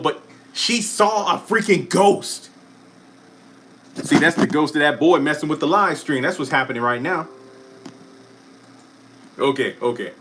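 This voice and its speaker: A young man hosting a relaxed live stream. He talks in a chatty, rambling way, cuts himself off mid-sentence, and drops in quick apologetic asides. His voice sits at a medium pitch. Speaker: YouTube live stream host. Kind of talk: casual live stream chat reacting to viewer comments.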